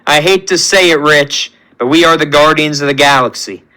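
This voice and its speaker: A man's voice: a little high, normal speed, sharp tone, low-quality recording. A man doing an easygoing space captain. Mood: rallying. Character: easygoing male space team leader.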